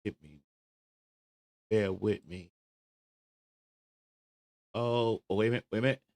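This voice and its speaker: A man's voice: lowish voice, fairly even intonation, unhurried, a little mellow, no room sound. A man hosting a casual livestream commentary show, chattily talking himself through searching for a clip. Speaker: show host.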